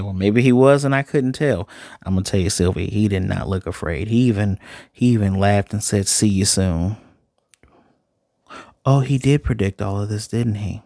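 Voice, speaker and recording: A man's voice: fairly low pitch, no room sound, studio quality. A man from Chicago giving an enthusiastic, casual spoken review of a TV episode, often repeating himself. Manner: enthusiastic, conversational, repeats phrases. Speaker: TV show reviewer.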